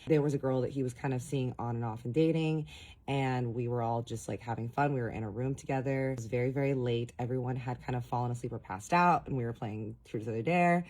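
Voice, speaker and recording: A woman's voice: very deep voice, brisk, a little mellow. A woman from Dallas, telling a casual storytime vlog and chatting straight to her viewers. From Dallas, Texas. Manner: chatty, addresses viewers directly.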